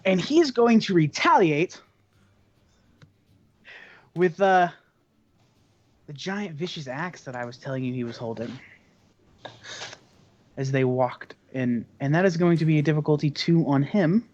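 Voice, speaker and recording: A game master running a tabletop game, explaining rules and narrating in a relaxed way with many fillers. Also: mid-range voice, measured pace, long pauses. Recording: dull lo-fi recording.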